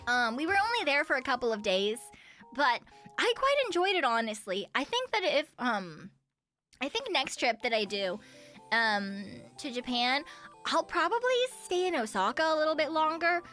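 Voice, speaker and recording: A woman's voice: high voice, sing-song, normal speed, sharp tone, soft background music. A woman streamer chatting casually, giggling often and rambling with lots of fillers and self-corrections. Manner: giggly, laughs often between sentences. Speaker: VTuber streamer.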